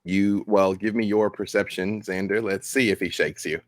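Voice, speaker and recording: A man narrating as game master in a tabletop game, with measured, descriptive narration. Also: fairly low pitch, steady tone, no echo, studio quality.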